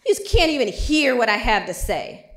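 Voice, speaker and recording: A woman's voice: sits high, very animated, brisk, a bit bright, reverberant, voice pushed up. A woman voicing a desperate young man who pleads with emphatic outbursts. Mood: furious. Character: young man, desperate, angry, then remorseful.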